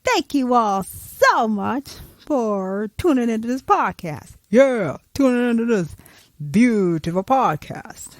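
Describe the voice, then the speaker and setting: Playful animated woman podcast host. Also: a little high, takes it slowly, no echo. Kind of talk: casual storytelling.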